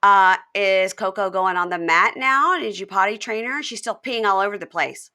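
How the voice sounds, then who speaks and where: A woman doing a calm placating fiancé. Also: mid-range voice, normal speed, smooth. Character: calm defensive fiancé, man.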